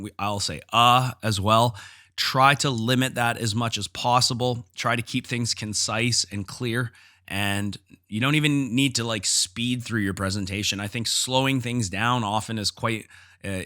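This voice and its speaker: A man's voice: medium pitch, sharp tone. A man hosting a solo podcast, talking casually and candidly about teaching, with frequent fillers and restarts. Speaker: podcast host and jiu-jitsu instructor.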